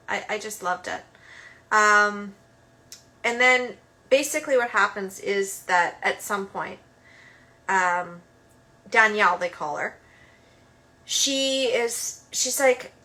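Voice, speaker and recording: A woman's voice: mid-range voice, sharp tone. A woman hosting her own show, talking casually and emphatically, with lots of filler words. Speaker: host. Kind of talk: casual monologue.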